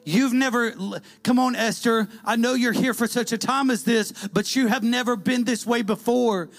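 High-voiced shouting preacher man. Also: steady tone, normal speed, faint music behind. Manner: call-and-response, repetitive, bursts into shouts and sung lines. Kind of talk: sermon.

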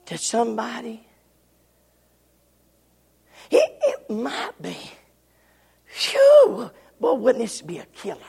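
A man preaching a revival sermon in a church, swinging from shouted lines to hushed, near-whispered ones. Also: very high voice, gravelly, breathy edge. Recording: church hall reverb.

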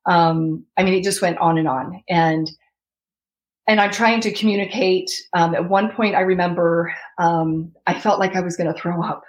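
A woman's voice: on the low side, fairly even intonation, moderate pace, muffled recording. A woman in her thirties telling her personal story as an interview guest, reliving her own past words.

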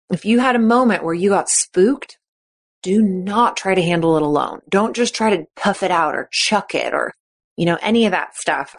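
A woman coaching on a podcast, talking in an encouraging, chatty way and acting out quoted thoughts. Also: fairly low pitch. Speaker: gymnastics coach and podcast host. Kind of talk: podcast monologue.

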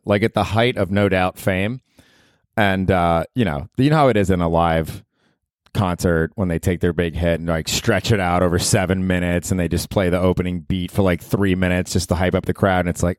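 Low-voiced guy rambling through stories. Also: a little fast, dry recording, studio quality. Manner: rambling, profane storytelling with chuckles. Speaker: podcast host. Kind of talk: casual solo podcast monologue.

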